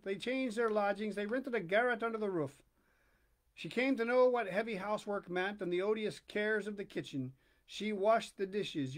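A man hosting a reading channel, reading a classic short story aloud slowly and deliberately, with dramatic pauses. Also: high-pitched. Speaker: host and story reader.

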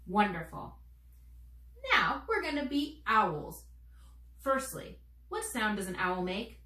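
A young woman, a children's theater teaching artist, leading kids through warm-up games in a slow, encouraging, playful way. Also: medium pitch, echoey room, distant mic.

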